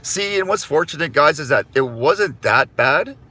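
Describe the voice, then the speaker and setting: This middle-aged man from Canada talks to viewers from inside his car as he drives, relaxed and meandering, cursing and saying sorry. His voice is fairly high and sharp in tone, expressive, at normal speed.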